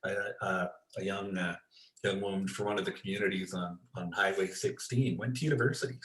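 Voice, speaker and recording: A man being interviewed as an expert, telling stories in a relaxed way and acting out the voices of the people in them. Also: deep voice, brisk, reverberant, low-quality recording. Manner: storytelling, acts out quoted voices, many restarts. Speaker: guest expert. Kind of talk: conversational interview storytelling.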